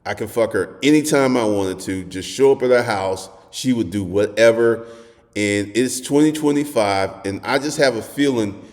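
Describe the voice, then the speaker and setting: A man telling a crude personal story in a casual monologue, animated and acting out quotes as he goes. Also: lowish voice, normal speed, big-room sound. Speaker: host.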